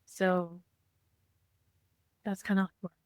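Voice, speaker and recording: A woman co-hosting a podcast, speaking softly and reflectively in casual heartfelt chat. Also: lowish voice, little pitch movement, drawn-out words, no room sound, studio quality. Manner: reflective, soft-spoken, many fillers. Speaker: podcast co-host.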